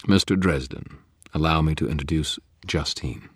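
A silky, mock-polite young vampire aristocrat, as a man puts him on for an audiobook. He purrs his courtesies, with a husky grain under the raised voice, recorded close and dry. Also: rumbling low, normal speed, a bit bright, no echo, heavily acted. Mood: silky courteous. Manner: genteel, purring and mock-polite. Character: suave, cheerful young male vampire aristocrat. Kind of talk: audiobook character voice.

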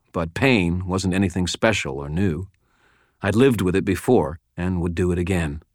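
A man with a very low, deep voice reads first-person fiction in a measured, steady way. The sound is dry and close, with no room around it. His delivery stays even and deliberate as he tells the story. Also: no room sound. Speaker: audiobook narrator.

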